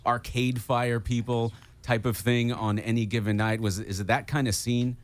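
A man's voice: medium pitch, fairly even intonation, moderate pace. A man hosting a casual radio interview, chatty and enthusiastic with plenty of ums and uhs. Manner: chatty, enthusiastic, lots of fillers. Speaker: radio host.

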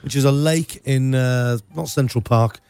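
A man's voice: medium pitch, unhurried, a little mellow, clean tone, no room sound. A man co-hosting a casual banter show, wry and teasing. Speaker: co-host.

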